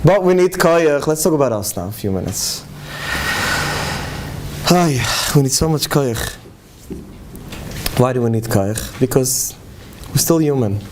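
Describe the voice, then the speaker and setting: A man's voice: medium pitch, expressive, measured pace, pauses often, noisy background. A middle-aged man, giving an earnest, heartfelt talk to parents. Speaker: speaker addressing parents. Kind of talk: emotional talk to a live audience.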